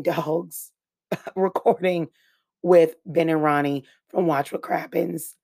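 A woman hosting a podcast with a hoarse voice she has nearly lost, talking casually and apologizing through a quick intro. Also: fairly low pitch, darkish tone, dry recording, studio quality. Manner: apologetic, rushed, laughing at herself. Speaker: podcast host.

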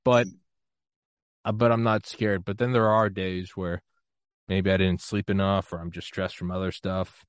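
With a low voice and level tone at normal speed, an American man hosts a relaxed conversational interview podcast, rambling, mocking himself, and laughing frequently. His tone is clean, and the studio recording has no room sound.

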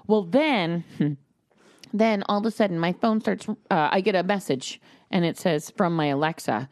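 A woman's voice: lowish voice, moderate pace, no echo, clean studio sound. A woman in her thirties, a podcast host, telling a family story in casual chat and acting out what people said. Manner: animated storyteller, acts out quotes.

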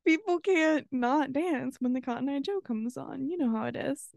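Gravelly-voiced young woman co-hosting. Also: high-pitched, moderate pace, darkish tone, no room sound, dull audio. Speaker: podcast co-host. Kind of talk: casual chat.

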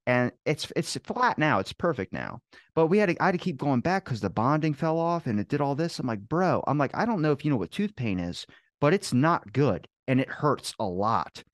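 A man's voice: medium pitch, normal speed, no room sound, clean studio sound. A young man in casual podcast chat, rambling through stories and swearing freely. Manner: rambling storyteller, swears freely, animated quoting. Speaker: podcast host.

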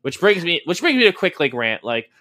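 Male co-host, bright and punchy, dry mic, loose profane rambler with a sarcastic edge. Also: on the high side, very animated, fast talker, no room sound. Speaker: podcast co-host. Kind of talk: casual podcast chat.

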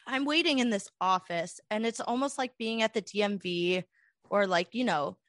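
A woman's voice: mid-range voice, normal speed, dry recording, studio quality. A young woman telling a long story in a casual, rambling chat full of "like" fillers. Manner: rambling, animated, many "like" fillers.

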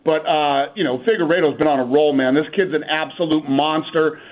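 A man calling in as a guest on a radio show, talking up fights with brisk enthusiasm and reeling off stats. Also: fairly high pitch, steady tone. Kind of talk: phone-in radio interview. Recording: tinny phone line.

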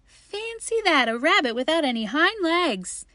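A bouncy young male wild rabbit, voiced by a woman reading aloud, taunts in a boastful, teasing way. The voice sits well above her own and comes out louder. The sound is dry and close. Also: high voice, expressive, measured pace, no echo, pitched above the performer's own voice, full character voice. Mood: mocking.

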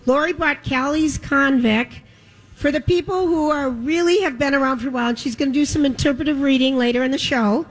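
Woman radio host, live broadcast, high voice, chatty, playful. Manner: chatty and playful, quick asides.

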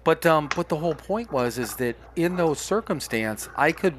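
A man co-hosting a podcast, talking candidly and reflectively, pausing and restarting as he speaks. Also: fairly high pitch, animated, background noise. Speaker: podcast co-host. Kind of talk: casual podcast talk.

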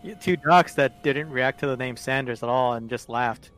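A man's voice: medium pitch, normal speed, a bit bright. Wry, teasing man player. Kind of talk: casual game chat.

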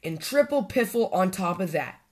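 A woman's voice: lowish voice, sing-song, moderate pace, darkish tone. A woman voicing a grumpy male badger in a storybook, huffing and spluttering with annoyance.

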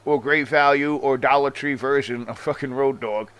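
A man's voice: medium pitch, steady tone, moderate pace, a bit bright, clear, resonant tone, rough recording. Male podcast host, casual profane rant, sarcastic asides, loose rambling delivery. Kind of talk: casual rant about wrestling.

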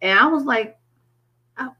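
A woman from Connecticut, a guest in a casual chat, telling stories in an animated way and acting out what people said. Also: on the low side, normal speed, rough recording. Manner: animated storyteller who acts out quotes.

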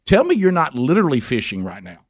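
A man's voice: a little high, huge pitch swings, fast, heavily acted. A man quoting his wife on the phone, putting a raised, pressing voice on her as she questions him.

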